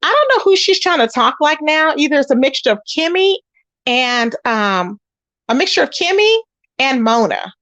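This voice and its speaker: A woman hosting a casual commentary channel, animated and sassy, talking straight to her listeners about online drama. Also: sits high, moderate pace, dry recording. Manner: animated and sassy, calls listeners y'all and baby.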